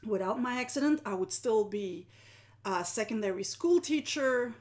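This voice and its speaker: A woman, a live-streaming art journaling teacher who often sinks into a soft whisper and laughs at herself. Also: fairly high pitch, expressive, normal speed. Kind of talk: live-stream talk to viewers.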